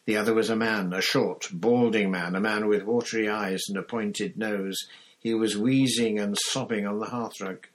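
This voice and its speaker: A man reading an audiobook chapter with measured, expressive storytelling. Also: on the low side. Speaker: audiobook narrator. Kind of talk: scripted narration.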